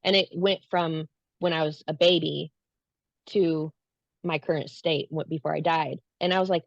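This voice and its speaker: A woman guest with a lowish, gravelly voice speaks at a normal pace, casually telling an earnest story about a spiritual experience and acting out what she said back then. The recording is dull and lo-fi, with a dry sound and no echo.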